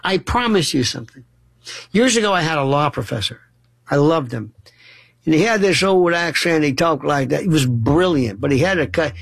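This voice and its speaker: A man's voice: a little high, expressive, moderate pace, creaky, a bit bright, no echo. A middle-aged man hosting a radio call-in show, telling stories with passion and acting out the people he quotes. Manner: impassioned storytelling, acts out quoted voices. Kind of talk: talk radio monologue.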